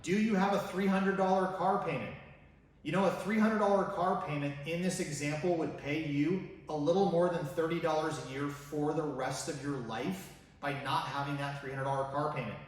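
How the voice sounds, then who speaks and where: Recorded on a distant mic in a heavily echoing room, this man hosts a personal finance vlog. His voice is on the high side and his pace moderate as he talks eagerly to the viewer, asking many rhetorical questions.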